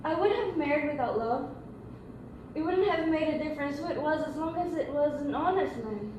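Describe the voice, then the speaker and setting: An actress playing a gentle elder sister, soothing and earnest in stage acting, recorded from a distance in an echoey room. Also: female voice, high-pitched, lively intonation, fairly quick, background noise.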